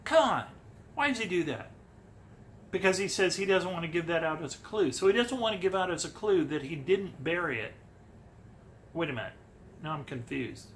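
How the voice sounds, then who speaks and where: A bright, fairly high male voice with a wry, disbelieving edge. He talks through clips casually, thinking out loud and poking holes in what he hears, with a faint hiss of noise behind him. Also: animated, fairly quick, long pauses. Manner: wry, incredulous, thinks aloud. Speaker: treasure-hunt video commentator. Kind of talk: sarcastic commentary on interview clips.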